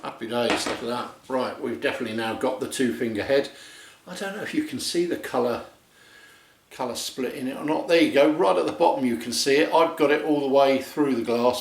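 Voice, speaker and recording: A man hosting a casual review vlog, talking to the camera in a chatty, jokey way. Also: mid-range voice. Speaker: beer reviewer, channel host. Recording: echoey room.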